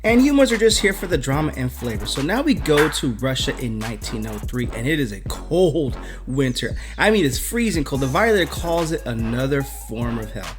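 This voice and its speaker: A man's voice: mid-range voice, very animated, a little fast, few pauses, music in the background. A man casually recapping a comic book story, joking as he goes.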